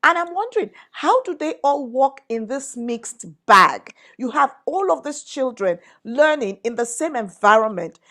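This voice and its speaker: A woman's voice: high voice, animated, unhurried, hardly any pauses, sharp tone. A middle-aged woman hosting a family conversation, teasing lightly and asking questions of her mother and daughter. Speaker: host.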